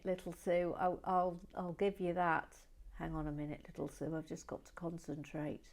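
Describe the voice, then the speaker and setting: A woman's voice: lowish voice, darkish tone. A woman hosting a building stream, chatting casually and playfully, reading viewer comments aloud and dropping to murmurs while she concentrates. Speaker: host of a brick-building stream.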